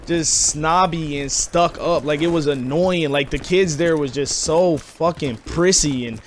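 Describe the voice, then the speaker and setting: Young man, gaming YouTuber, slangy and animated, slightly high voice. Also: a little slow, slight background noise. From Detroit, USA. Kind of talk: casual storytelling over gameplay.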